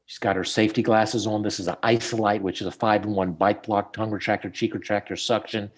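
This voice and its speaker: A man's voice: on the low side, fast, slightly rough. A middle-aged man, a dentist, walking a student through cases in casual teaching chat over a video call, telling stories as he goes. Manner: storytelling, animated when quoting people.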